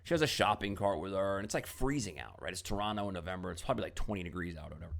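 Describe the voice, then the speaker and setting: A man's voice: deep voice, expressive, very fast, creaky. A middle-aged man telling a story with many fillers and quoted exchanges, giving a casual motivational talk to camera as a business coach.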